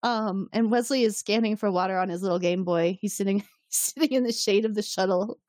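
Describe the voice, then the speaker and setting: A woman's voice: medium pitch, a little fast, darkish tone, dry recording, clean studio sound. A woman co-hosting a podcast, recapping an episode in casual chat, sarcastic and swearing, often laughing.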